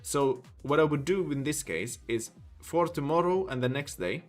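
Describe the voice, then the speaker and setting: On the higher side and with lively intonation, the Swedish livestreamer talks at a moderate pace over soft background music. He chats casually in a Swedish accent, rambling and filling gaps as he thinks aloud.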